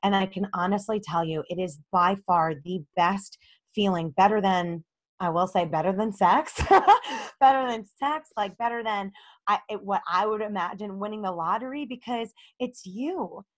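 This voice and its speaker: A young adult woman talks as a podcast guest, telling her story with lively swings in her voice. She acts out quoted lines in a higher pitch and talks openly and personally. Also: normal speed. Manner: animated, acts out quoted dialogue with rising pitch. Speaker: podcast guest, relationship coach. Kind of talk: candid storytelling interview.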